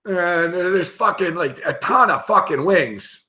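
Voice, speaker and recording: Bright, swearing male betting host. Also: sits high, expressive, measured pace. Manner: rambling, profane storytelling with frequent laughs. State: tipsy, recounting a night of drinking. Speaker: sports betting show host. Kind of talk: casual live betting commentary.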